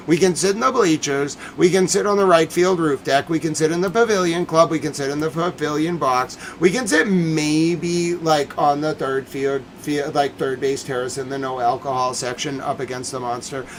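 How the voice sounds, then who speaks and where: A young man from the Boston area hosts a casual talk stream and goes on a heated, exasperated rant full of swearing and shouting. His voice is fairly high and moderately paced with few pauses. The low-quality recording has a little hiss or hum.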